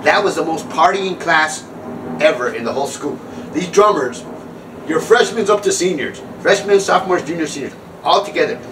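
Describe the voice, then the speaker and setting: Here the same sixty-something comic recounts his past in a self-deprecating, meandering way, cutting himself off and restarting as he goes. His voice sits on the high side and is expressive, at a moderate pace. He is far from the mic against a noisy background.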